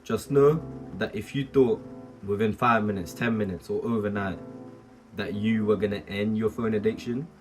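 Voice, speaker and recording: Young guy vlogging straight to camera, lowish voice, blunt and sweary, music in the back. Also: steady tone, normal speed. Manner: candid, swears, laughs at himself. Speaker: self-improvement youtuber. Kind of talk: casual talk to camera.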